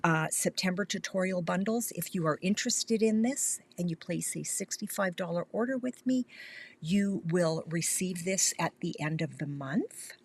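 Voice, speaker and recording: An older woman from Canada hosting a live craft stream, chatting warmly and reassuringly, often sinking to a near whisper, with the hiccups. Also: on the low side, animated, normal speed, breathy edge. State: has the hiccups. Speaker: independent craft demonstrator.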